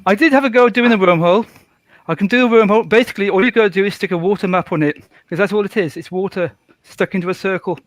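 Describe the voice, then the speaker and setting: A man's voice: high voice, fast, no room sound. A British man chatting as a guest on a video call, hesitant and self-deprecating, often laughing. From Britain. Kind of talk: casual video call chat.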